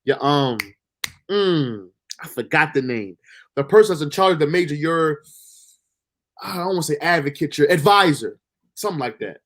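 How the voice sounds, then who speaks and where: A man telling a personal story, emotional and halting, with pauses and restarts. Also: fairly high pitch, animated, a bit bright. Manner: halting, full of fillers and restarts. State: emotional, near tears.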